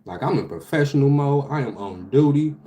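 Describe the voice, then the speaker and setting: A man, animated and profane, telling a story about his delivery job with loud outbursts. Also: mid-range voice, fairly quick. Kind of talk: casual storytelling vlog.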